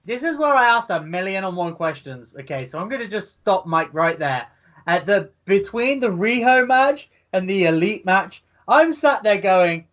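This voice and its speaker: Man, high voice, animated podcast co-host, slightly dull lo-fi audio. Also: normal speed. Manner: animated, reads his own chat comments, bursts into shouts. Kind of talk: casual wrestling review chat.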